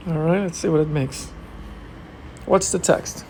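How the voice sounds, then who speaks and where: A man's voice: on the high side, moderate pace, slight background noise. Man talking through a tech demo. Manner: relaxed, hesitant with many fillers. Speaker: tech tutorial host. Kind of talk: casual screen walkthrough.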